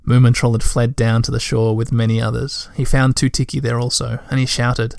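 A man reading a storybook aloud with gentle, measured narration. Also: medium pitch, monotone, creaky, no echo.

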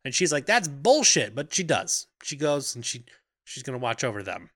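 A man's voice: mid-range voice, expressive, brisk, fairly bright tone, dry recording, clean studio sound. A man co-hosting a podcast, casually recapping a film's plot and acting out characters' lines for laughs. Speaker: podcast co-host. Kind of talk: casual movie recap chat.

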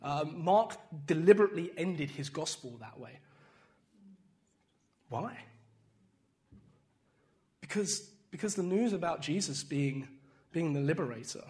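A young man with a high voice preaches in a loose, conversational way. He restarts phrases, doubles his words and keeps checking in with the congregation. When he retells the story, his voice climbs into animated bursts. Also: measured pace, pauses often. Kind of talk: informal sermon.

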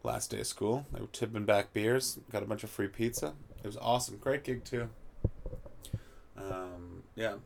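A young man hosting a podcast, rambling and swearing as he rants, his voice rough and gravelly. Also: fairly low pitch, normal speed, slight background noise. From North America. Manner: profane, rambling, heats up into shouting rants. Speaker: podcast host. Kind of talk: casual comedic rant.

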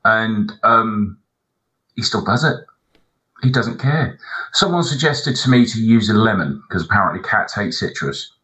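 A man's voice: on the low side, expressive, unhurried, bright, forceful tone, low-quality recording. A man co-hosting a podcast, telling long rambling anecdotes and swearing a lot. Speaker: podcast co-host. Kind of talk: casual chat.

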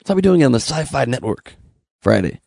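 Gravelly sarcastic man in a comic monologue. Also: medium pitch, big pitch swings, fast talker, darkish tone, no echo, clean studio sound. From Los Angeles. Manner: sarcastic, jumps into mock voices. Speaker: comedy podcast host.

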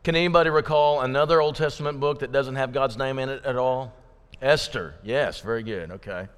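A man's voice: mid-range voice, brisk, smooth. A man preaching a sermon in a folksy, joking, conversational way to his congregation in a church. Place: church sanctuary. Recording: long reverb of a church hall.

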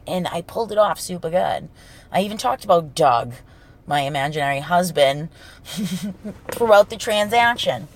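Her lowish, slightly bright voice is gravelly and heavy with a Boston accent. Alone on her own podcast, this foul-mouthed, brash host spins stories in a laid-back monologue.

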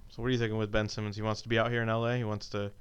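Fast-talking, blunt man with a smooth low voice. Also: level tone, muffled recording. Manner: blunt, swears casually. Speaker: podcast co-host. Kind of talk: casual sports chat.

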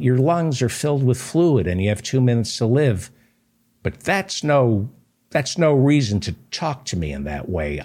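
A man voicing a condescending health insurance clerk who talks in a mock-soothing, passive-aggressive way, with a husky voice. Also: mid-range voice, a little mellow.

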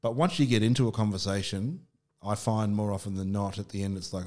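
A middle-aged man with an Australian accent speaks in a somewhat low voice. He talks candidly in a relaxed podcast chat and often restarts his sentences. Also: a little fast. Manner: candid storytelling with frequent restarts and fillers. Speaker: podcast guest. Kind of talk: casual conversation.

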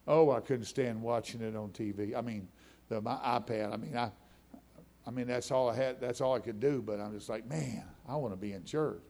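A man's voice: medium pitch, normal speed, darkish tone. A middle-aged man preaching a testimony sermon, telling his story in a conversational way that builds into fervent preaching.

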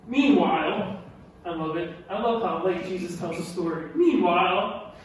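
A man preaching a sermon, animated and emphatic, who repeats key lines and asks his listeners questions. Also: high-pitched, normal speed. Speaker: pastor. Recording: echoey hall from far off with faint noise.

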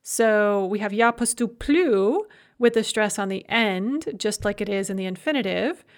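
A woman teaching a language grammar lesson, explaining verb forms in a clear, methodical way and slowing down to spell out each form. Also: mid-range voice. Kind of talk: recorded grammar lecture.

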